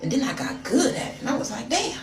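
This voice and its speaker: An American woman tells a wild story in a dramatic, gossipy way, talking straight to her viewers. Her voice sits a little high. The recording is roomy and far from the mic, with clear noise behind her. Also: animated, fast talker. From United States. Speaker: storyteller vlogger. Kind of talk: casual storytime.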